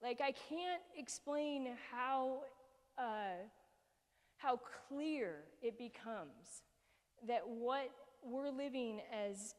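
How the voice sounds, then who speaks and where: A woman's voice: a little high, expressive, very slow, big-room sound. A woman in her forties giving a heartfelt personal talk with slides, earnest and emotional, with many fillers and restarts. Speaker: speaker presenting to a group.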